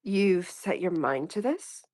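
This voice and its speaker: A woman voicing a suspicious, hostile female warrior cat in a fan-made cat movie, low and hissing. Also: wildly swooping pitch, unhurried, breathy edge, exaggerated voice.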